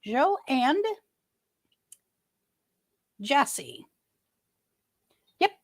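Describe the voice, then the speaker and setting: A woman's voice: high voice, wildly swooping pitch, drawn-out words. A middle-aged woman hosting a casual livestream, chatting with viewers in a rambling way, restarting her sentences often. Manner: greets viewers by name. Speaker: livestream host. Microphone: webcam.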